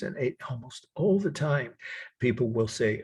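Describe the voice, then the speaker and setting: A man's voice: mid-range voice, animated, moderate pace, a little mellow, breathy edge. An older man teaching an art history class, in a rambling, digressive way with frequent chuckles. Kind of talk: recorded college lecture.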